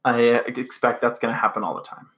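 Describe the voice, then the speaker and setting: A man's voice: mid-range voice, fairly even intonation, fairly quick, pushed and bright. A young man hosting a podcast, telling stories in a rambling, laughing way. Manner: laughs a lot, rambling with fillers. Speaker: podcast host. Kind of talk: casual chat and storytelling.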